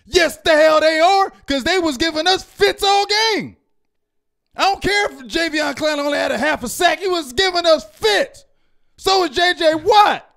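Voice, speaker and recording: A fan-show host with a strikingly high voice, ranting in a loud, fired-up way. He keeps repeating himself and breaks into yelling. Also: lively intonation, normal speed, gravelly. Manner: loud, fired-up, repetitive, yells at times. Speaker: sports reaction show host. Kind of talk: heated fan rant.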